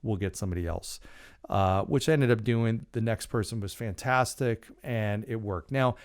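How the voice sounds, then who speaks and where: A middle-aged man hosting a podcast, telling a personal story in a casual, rambling way with lots of fillers and restarts. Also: fairly low pitch. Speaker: podcast host.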